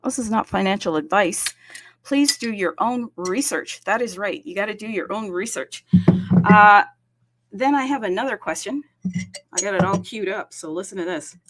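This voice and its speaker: Here a woman hosts a relaxed crypto livestream, greeting viewers by city and addressing the audience in a chatty, upbeat way. She's full of fillers and aware that she talks quickly. Her medium-pitched voice sounds animated, over slight background noise.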